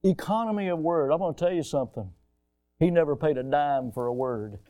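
Man preaching, quiet asides and loud bursts. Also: a little high, animated, brisk, dry recording, studio quality. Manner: conversational preaching, swings from hushed asides to loud shouted outbursts. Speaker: pastor. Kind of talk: sermon.

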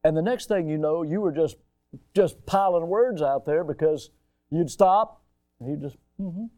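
Middle-aged male preacher, higher voice, dry close sound, sermon delivery that swings from hushed to shouting. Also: unhurried, no room sound. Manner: conversational preaching, swings from hushed asides to loud shouted outbursts. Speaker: pastor.

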